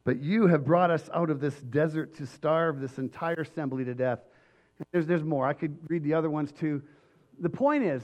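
A man preaching a sermon with emphatic delivery and frequent restarts, his voice slightly hoarse. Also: fairly high pitch, normal speed, lo-fi sound. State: voice going hoarse. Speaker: pastor.

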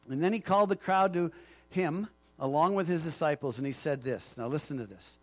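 A man pastor preaching in a conversational sermon style. He jokes with people in the pews. His voice sits fairly high for a man. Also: brisk.

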